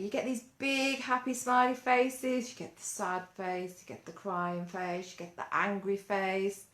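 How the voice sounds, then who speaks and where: A woman guides children through a mindfulness lesson at an unhurried pace. Her manner is playful and coaxing, full of questions, with a mid-range voice. The recording carries a noticeable roomy echo. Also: mid-range voice, a bit bright. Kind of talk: gentle mindfulness lesson for kids.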